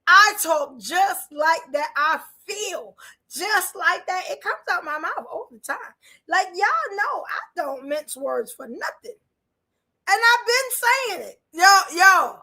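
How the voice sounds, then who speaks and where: An extremely high-pitched woman, heard on a rough recording, is a podcast host from Brooklyn, New York, with a New York accent. She gives casual reaction commentary, animated and laughing as she talks bluntly to her audience.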